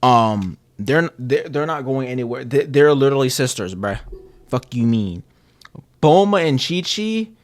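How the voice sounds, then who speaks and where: Male streamer, mid-pitched, casual and profane, rambling with slang and stumbles. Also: lively intonation, a little slow. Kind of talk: casual chat.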